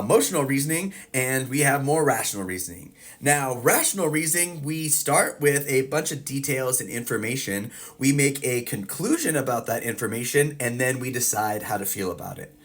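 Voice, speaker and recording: Therapist explaining reasoning with examples. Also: mid-range voice. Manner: acts out people's inner thoughts. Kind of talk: educational explainer video.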